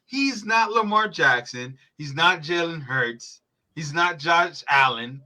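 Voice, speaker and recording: A man on a sports podcast, his voice strikingly bright and sharp, riffing heatedly on a live game. He swears casually and keeps circling back to press his argument. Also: a little high, animated, takes it slowly. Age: adult parent. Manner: profane, heated sports rant. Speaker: podcast host. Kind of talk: live football reaction chat.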